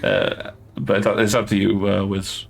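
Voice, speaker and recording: Halting, low-voiced game master. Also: male voice, flat delivery, vocal fry. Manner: halting, many restarts and fillers. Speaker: dungeon master. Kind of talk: narrating a tabletop game.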